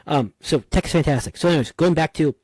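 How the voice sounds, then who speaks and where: Husky, animated storytelling man. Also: on the high side, fast talker, no echo. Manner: animated, digressive storyteller, slangy. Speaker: podcast guest. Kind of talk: casual interview chat.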